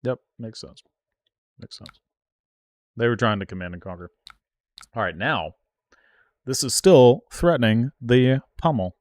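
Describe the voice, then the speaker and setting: A man streaming himself playing an online card game, reacting out loud with yelps and groans and talking to his viewers. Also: medium pitch, a little slow, long pauses, dry recording. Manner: excitable, groans and yelps at the game, talks to chat. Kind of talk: live gameplay commentary.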